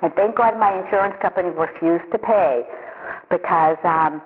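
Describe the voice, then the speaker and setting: A woman telling her personal recovery story in a halting, confessional way, often repeating her words. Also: on the low side, slight background noise. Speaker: recovery program member sharing her story. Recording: tinny phone-line sound with long echo.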